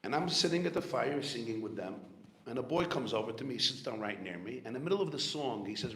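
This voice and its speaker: A man speaking as a rabbi, telling a personal story in a reflective, earnest sermon and quietly acting out the voices in it. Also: medium pitch, animated, fast. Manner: earnest, reflective storytelling with soft spoken asides. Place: community hall gathering. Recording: echoey room, faint background noise.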